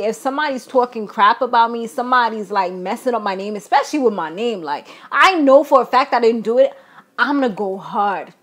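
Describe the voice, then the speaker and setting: Chatty opinionated young woman, slightly high. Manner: chatty, opinionated, slangy, acts out quotes. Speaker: reality TV recap host. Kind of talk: casual recap commentary.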